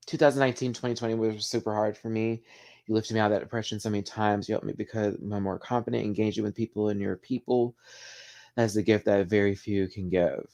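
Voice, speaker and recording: A man hosts a casual live chat, choked up and emotional. His voice sits a little low, and he talks in an open, heartfelt way, swearing freely as he reads comments. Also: steady tone, brisk, darkish tone. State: tearful, emotional. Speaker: livestream host.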